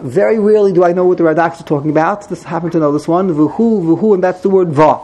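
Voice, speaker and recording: A man's voice: sits high, quick pace, dark tone. A man teaching a text study class, explaining grammar as he thinks aloud, repeating and correcting himself.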